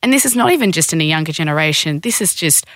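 A woman's voice: deep voice, animated, a bit bright, dry recording, studio quality. A woman, a guest in a podcast conversation, explaining in a frank, matter-of-fact way. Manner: frank, explanatory, acts out quick quoted voices. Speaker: sex educator guest.

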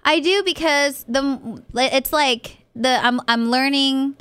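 A woman's voice: high voice, slow, no room sound, studio quality. A young woman co-hosting a radio show, chatting casually about her relationship with lots of "like" and casual swearing. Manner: chatty, frequent "like", animated retelling, swears casually. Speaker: radio co-host. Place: radio studio.

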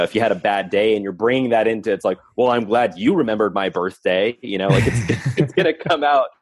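A man's voice: lowish voice, no room sound. A man guest on a podcast, telling personal stories in an earnest, reflective way, talking in long run-on stretches. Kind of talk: candid storytelling conversation.

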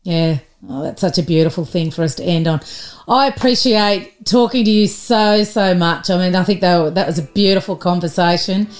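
Australian woman podcast host, lower register, affirming chatty delivery. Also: moderate pace. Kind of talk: podcast interview.

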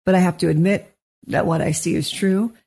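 A middle-aged woman co-hosting a marriage podcast, speaking gently and reflectively, often affirming her co-host. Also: on the low side, fairly even intonation, brisk, slightly rough. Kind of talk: casual podcast conversation.

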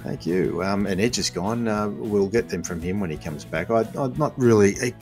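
A man hosts a football radio show in a deep, relaxed voice, chatty and joking. Faint music sits under him. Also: normal speed. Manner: chatty, jokey. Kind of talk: hosting and live-read ad.

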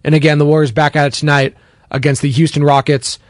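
Fast and level in tone, the sports radio host speaks in a slightly raised voice, sarcastic and prone to drifting onto tangents in his opinionated monologue. The audio is dry and close, like a studio microphone with no surrounding room.

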